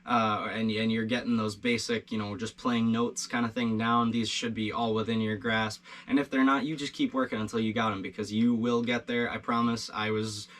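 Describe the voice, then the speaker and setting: A man teaching beginner guitar licks in a casual video lesson, relaxed and encouraging, with plenty of fillers and restarts. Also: on the low side, normal speed, hardly any pauses.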